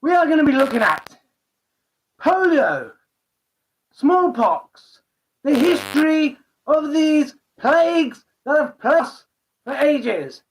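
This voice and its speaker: A man putting on a squeaky frantic newsreader. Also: big pitch swings, exaggerated voice, poor audio. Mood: excitable. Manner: frantic, rapid, exclamatory. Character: hyper, frantic male newsreader, overexcited and silly. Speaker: host. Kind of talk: comic mock news show.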